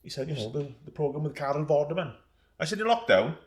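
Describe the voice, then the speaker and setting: A man co-hosting a podcast, chatting casually and telling lively stories in which he acts out the other people's voices. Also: a little high, quick pace. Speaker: podcast co-host. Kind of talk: casual pub chat. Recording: roomy echo.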